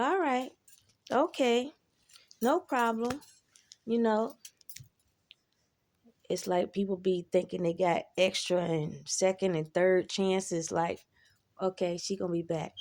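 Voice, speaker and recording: A woman's voice: fairly low pitch, a little mellow. A woman in a casual monologue, talking bluntly and with plenty of profanity as she reflects on her own life. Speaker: vlogger.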